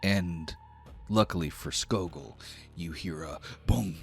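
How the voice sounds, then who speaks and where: Deep-voiced male game master. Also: unhurried, a bit bright, faint music behind. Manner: casual, many fillers like "like". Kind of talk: narrating a tabletop game.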